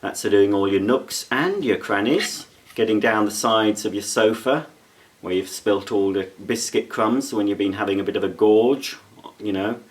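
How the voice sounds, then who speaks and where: A man's voice: lowish voice, moderate pace. A man giving a chatty, playful product demonstration with jokey asides. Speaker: product reviewer. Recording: roomy echo.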